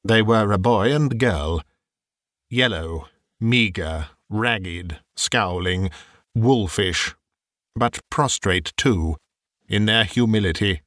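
Slow, measured male storyteller. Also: fairly low pitch, fairly bright tone, no room sound, studio quality. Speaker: narrator. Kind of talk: audiobook narration of a classic story.

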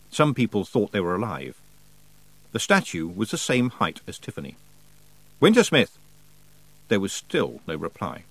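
A man reading a novel aloud as narrator, with measured, expressive storytelling. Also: fairly low pitch, no echo, poor audio. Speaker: audiobook narrator. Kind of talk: scripted narration.

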